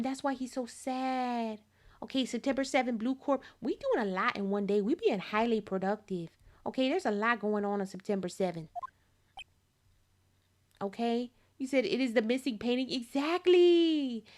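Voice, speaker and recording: High-voiced woman reacting to a game. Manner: animated, reads game dialogue aloud and reacts with laughter. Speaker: gaming channel host. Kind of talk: let's-play commentary.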